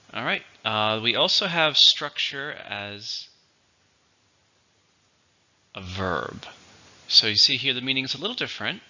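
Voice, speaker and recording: A man teaching English vocabulary, explaining words slowly and clearly in a teacherly way. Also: medium pitch, pushed and bright, muffled recording. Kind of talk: vocabulary lesson.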